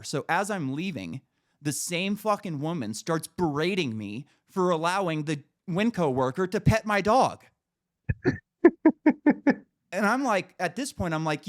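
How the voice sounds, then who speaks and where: A man co-hosting a podcast tells a story in a loose, swearing way. His pitch jumps widely as he acts out each voice in the tale. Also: fairly quick. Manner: animated, profane, acts out dialogue. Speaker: podcast co-host. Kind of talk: casual storytelling.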